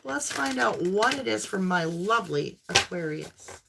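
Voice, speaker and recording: A woman's voice: medium pitch, lively intonation, measured pace, creaky, noisy background. A woman doing a live tarot reading for her viewers, talking in an effusive, affirming way with lots of exclamations. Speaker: tarot reader.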